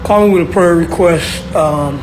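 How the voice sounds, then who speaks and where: A man's voice: fairly high pitch, normal speed. Reverent Texas man on a noisy line. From Fort Worth, Texas. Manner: formal, reverent opening. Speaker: caller. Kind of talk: call-in prayer request. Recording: noisy distant phone call, vehicle hum.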